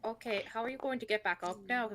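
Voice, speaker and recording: A woman's voice: on the high side, fast, a bit bright, a little hiss or hum. A woman playing in a tabletop game, talking in a wry, practical way. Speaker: player. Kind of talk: casual tabletop game chat.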